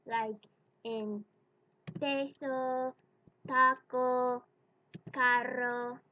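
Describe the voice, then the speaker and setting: A woman's voice: high-pitched, a bit bright, muffled recording, a little hiss or hum. A woman teaching pronunciation in a video lesson, patiently demonstrating sounds one by one. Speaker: Spanish teacher.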